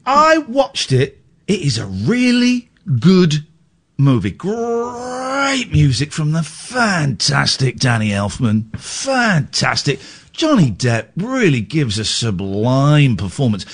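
A male English radio host in lively banter, ranting in mock outrage and stumbling over restarts. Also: a little high.

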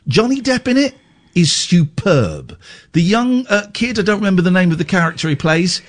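Animated English man in a playful rant. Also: high voice, normal speed. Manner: animated, mock-outraged ranting with stammered restarts. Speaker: radio show host. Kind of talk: lively radio banter.

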